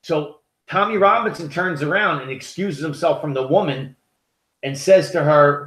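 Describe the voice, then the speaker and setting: A man's voice: on the high side, moderate pace, fairly bright tone. An American man co-hosting a podcast, telling stories in a heated, profane, rambling way. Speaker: podcast co-host. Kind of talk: casual opinionated podcast chat. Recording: echoey room.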